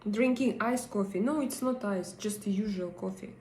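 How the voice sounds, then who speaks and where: A woman's voice: medium pitch, normal speed, darkish tone, reverberant, a little hiss or hum. A woman with a Russian accent, hosting a casual live stream, chatting with her viewers and reading their comments, with many fillers and hesitations. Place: home in Denmark.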